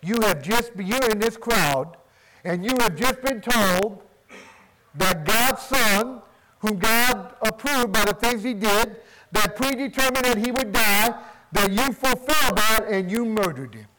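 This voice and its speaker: High-voiced preacher questioning his listeners. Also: animated, unhurried, pushed and bright, rough recording. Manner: emphatic, asks and answers his own questions. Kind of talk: sermon.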